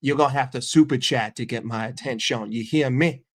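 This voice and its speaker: A man's voice: mid-range voice, brisk, fairly bright tone. An American man in a heated, profane live-stream rant about football, sarcastic and fired up. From United States.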